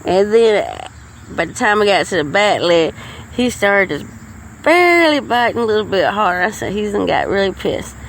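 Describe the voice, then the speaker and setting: A woman's voice: mid-range voice, big pitch swings, normal speed, gravelly, rough recording. Middle-aged woman podcaster, folksy and rambling, with faint crickets and traffic outside. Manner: rambling, folksy, with frequent restarts. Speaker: podcast host. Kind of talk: casual storytelling monologue.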